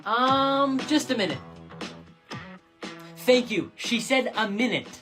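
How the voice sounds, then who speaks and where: A woman performing quick comedy skits, delivering deadpan punchlines. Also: fairly high pitch, music in the background. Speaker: skit comedian.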